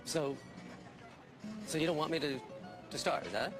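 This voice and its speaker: A man's voice: a little high, moderate pace, close to an everyday voice. An actor playing an impatient man arguing over lunch etiquette in a comedy scene, incredulous and argumentative. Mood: irritated. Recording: TV scene with music under it.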